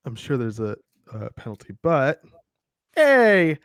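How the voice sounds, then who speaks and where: A man's voice: on the high side, expressive, moderate pace. A man chatting casually as a player at a tabletop game, amused and laughing often.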